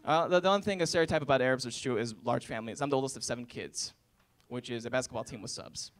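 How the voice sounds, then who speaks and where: Speaking quickly in a mid-range voice, a male comedian in his 20s does a college stand-up set. He tells stories and acts out both family members and strangers as the audience laughs.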